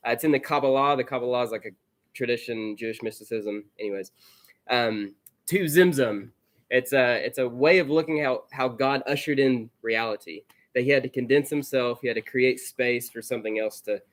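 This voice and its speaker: Relaxed man leading a church gathering. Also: mid-range voice, a little fast. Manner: relaxed, conversational, leading sharing time. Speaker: pastor. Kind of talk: casual church talk and sermon intro.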